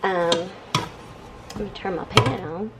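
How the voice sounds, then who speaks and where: A woman's voice: lowish voice, takes it slowly, very noisy. A woman chatting casually as she cooks supper in her home kitchen. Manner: chatty, relaxed, says y'all often. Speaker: home cooking vlogger. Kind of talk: casual cooking chat.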